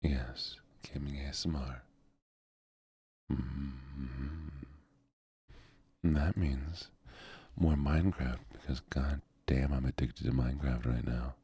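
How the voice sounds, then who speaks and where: A man streaming a video game and chatting with his viewers, soft-spoken and goofy, close to the microphone. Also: extremely low pitch, steady tone, slow pace, long pauses, breathy edge, no room sound. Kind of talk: soft-spoken gaming livestream chat.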